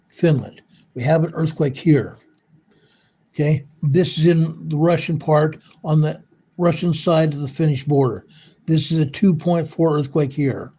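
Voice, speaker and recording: A man's voice: a little high, mellow, breathy edge. A man hosting an online news show, talking casually and repetitively as he points out spots on a map.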